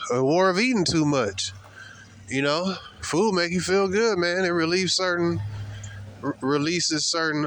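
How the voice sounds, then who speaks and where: A man vlogging outdoors, talking in a slangy, emphatic and preachy way while walking fast and breathing hard. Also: medium pitch, a bit bright, slight background noise. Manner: slangy, emphatic, repeats points. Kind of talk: casual preachy monologue. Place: outdoors on a walk.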